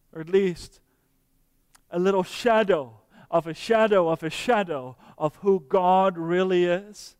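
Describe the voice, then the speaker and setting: A man preaching a sermon earnestly, slowing down for emphasis and dropping to soft, quiet tones. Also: sits high, clear, resonant tone, no room sound, long reverb tail.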